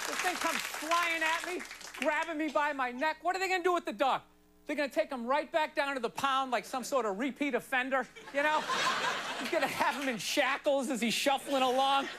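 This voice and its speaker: A stand-up comedian rants in an exasperated, rambling way, tossing in "you know" at every turn. He is pitched rather high for a man. The broadcast carries loud audience laughter and steady noise behind him. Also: brisk, crowd noise. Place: television studio stage with live audience.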